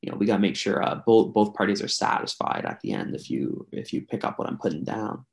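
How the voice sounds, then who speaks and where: A young man from Canada spins a long, chatty bar story for his podcast co-hosts. His voice sits fairly low and has a gravelly rasp. He keeps circling back with fillers as he talks. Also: wildly swooping pitch, a little fast. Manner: rambling, filler-heavy, chatty. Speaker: podcast co-host. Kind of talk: casual storytelling among friends.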